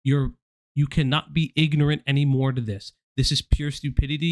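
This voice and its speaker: A man's voice: medium pitch, steady tone, a little fast, no echo, clean studio sound. A man hosting a commentary stream, lecturing in a heated, profane way. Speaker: stream host.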